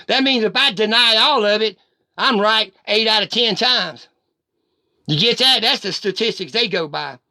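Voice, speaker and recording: A man's voice: high-pitched, pushed and bright, no echo. A middle-aged man, delivering a heated, profane rant straight at the camera. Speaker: vlogger. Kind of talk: angry direct-to-camera rant.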